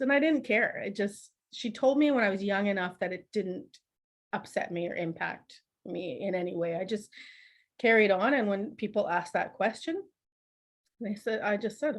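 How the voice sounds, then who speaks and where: A middle-aged woman, a podcast guest telling family stories in a lively, laughing, conversational way. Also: medium pitch, moderate pace. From Canada. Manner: laughs often, animated anecdotes with acted quotes. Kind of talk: conversational storytelling.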